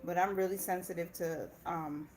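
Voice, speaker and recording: A woman's voice: on the low side, fairly even intonation, normal speed, darkish tone. A young woman from Indiana chatting casually on a livestream, laughing often and breaking off to talk to her kids. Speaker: personal finance channel host.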